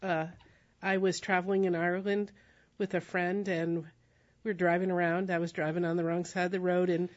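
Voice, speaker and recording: American woman telling a story, laughs a lot, animated, kinda muffled lo-fi sound. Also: on the low side, brisk. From United States. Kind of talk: casual storytelling. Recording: dull lo-fi recording.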